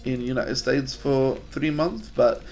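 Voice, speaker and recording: A man's voice: mid-range voice, fairly even intonation, unhurried, gravelly, a little mellow, faint music behind. A man from Sweden, a native Swedish speaker, casting a game in English in a chatty, hesitant way while answering viewer chat. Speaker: game caster. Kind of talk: casual live-stream game commentary.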